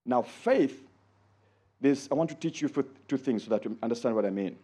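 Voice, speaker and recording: A man delivers an animated sermon at a quick pace, his voice jumping high when quoting others and sinking low for asides. The audio is slightly rough.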